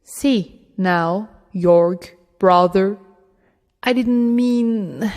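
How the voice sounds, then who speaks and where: A woman's voice: medium pitch, drawn-out words, darkish tone. A woman reading an audiobook, voicing a crude, hot-tempered brute of a man who talks coarsely. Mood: wheedling. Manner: coarse and swearing. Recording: reverberant room.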